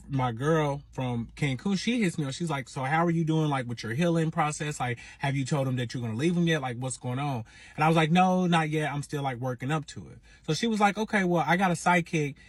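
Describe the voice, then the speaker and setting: A man's voice: medium pitch, slightly rough, dry recording. A man casually telling a dramatic personal story to his followers, swearing freely and acting out what everyone said. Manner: profane, dramatic, animated retelling; quotes people with exasperated asides.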